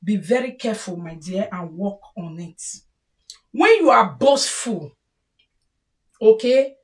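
A woman's voice: mid-range voice, sing-song, slow pace, distant mic. A woman with a Nigerian accent giving scolding advice in a casual monologue at home, mixing pidgin into her talk. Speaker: vlogger.

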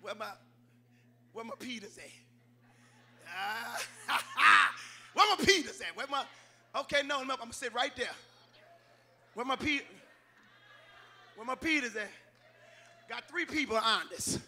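Bright, high-voiced preacher man. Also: normal speed, long pauses. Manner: call-and-response preaching, shouting climaxes. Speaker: pastor. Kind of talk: sermon. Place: church sanctuary.

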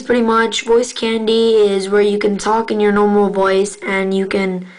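A woman's voice: medium pitch, low-quality recording. A woman hosting a casual app tutorial, rambling and correcting herself as she talks to viewers. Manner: rambling, self-correcting, addresses viewers as guys. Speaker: channel host showing software.

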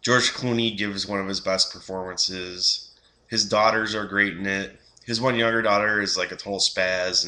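A man's voice: on the low side, sharp tone. A young man giving a casual, rambling film review, full of fillers and restarts.

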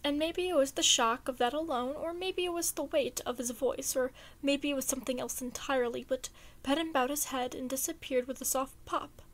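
A woman reading fan fiction aloud in a casual, chatty and expressive way. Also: high voice, a little fast.

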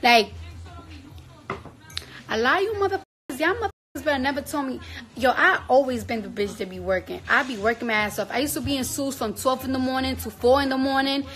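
High, bright-voiced New woman. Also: fairly quick, rough recording. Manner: loud, blunt and profane; coos at her baby. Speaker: livestream host. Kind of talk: casual livestream chat.

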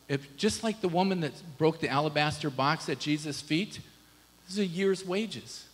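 A man's voice: fairly high pitch, brisk, fairly bright tone, big-room sound, rough recording. A male pastor preaching a sermon in a casual, conversational way, often asking the congregation rhetorical questions. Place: church sanctuary.

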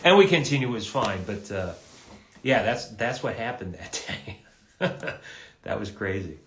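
A man's voice: on the low side, expressive, fairly bright tone, slight background noise. Rambling man telling stories, roomy sound. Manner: rambling, halting, repeats words and restarts. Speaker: voice actor guest at an autograph livestream. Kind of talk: casual live Q&A storytelling. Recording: roomy echo.

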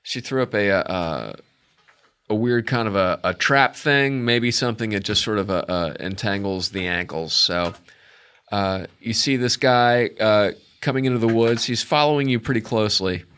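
A man's voice: on the low side, normal speed, fairly bright tone, smooth. A man running a tabletop game as game master, narrating in a rambling way full of fillers.

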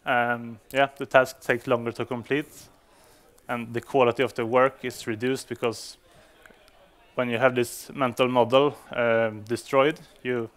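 Speaking English as a second language, with Swedish as his first, a man addresses developers at a conference, hesitating often with many fillers and restarts. His voice is mid-range with little pitch movement, and his pace is measured.

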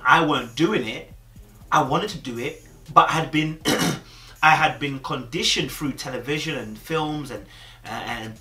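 A man's voice: medium pitch, sharp tone, roomy sound. A young man talking casually to camera, chatty and streetwise, often checking in with "you understand?". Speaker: host.

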